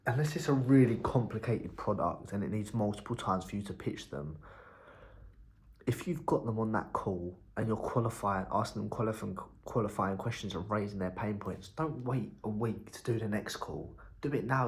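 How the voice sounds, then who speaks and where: A man's voice: lowish voice, moderate pace. A young man, talking casually in a diary-style vlog, blunt and rambling, swearing freely. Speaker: entrepreneur vlogger.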